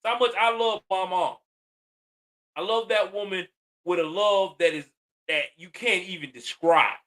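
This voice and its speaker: A man's voice: high-pitched, a little slow, fairly bright tone. A man in his forties giving heated, profane commentary on a news story, ranting angrily with a lot of emphasis. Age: 40s.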